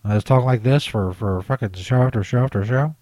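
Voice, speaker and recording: A man's voice: medium pitch, brisk, background noise. A man hosting a comedic podcast alone, boasting and swearing in a cocky, rambling rant while coming down with a cold. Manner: cocky, profane, boastful bits. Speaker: podcast host.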